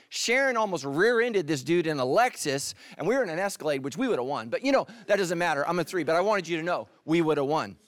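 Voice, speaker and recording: A middle-aged male pastor from California giving a sermon, full of jokes and stories, who drops to a hushed voice for emphasis. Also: fairly high pitch, lively intonation, fast, few pauses, no room sound, studio quality. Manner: humorous storytelling, drops to hushed tones for emphasis.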